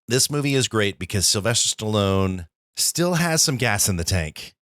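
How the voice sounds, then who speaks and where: A man co-hosting a movie podcast speaks in a mid-range, fairly bright voice with big pitch swings at a moderate pace. He chats enthusiastically about films and laughs often, on a dry, studio-quality recording.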